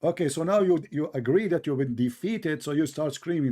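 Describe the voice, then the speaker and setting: Brief: male debate host, sarcastic and combative, higher voice. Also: animated, brisk, dark tone. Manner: sarcastic, combative, non-native English. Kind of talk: mocking religious debate.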